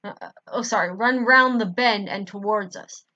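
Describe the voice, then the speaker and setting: A woman reads a fan story aloud in first person, pausing to fix her own slips. Her voice is bright and clear-toned. The recording is dry and a little dull. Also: medium pitch, dry recording. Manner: stops to correct her misreadings. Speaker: fan fiction reader. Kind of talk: amateur story reading.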